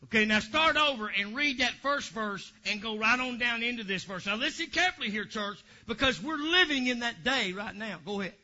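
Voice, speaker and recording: A male pastor preaching a sermon in a church, animated and joking with the congregation, breaking into shouts, on a dull lo-fi recording. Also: very high-pitched, brisk, few pauses.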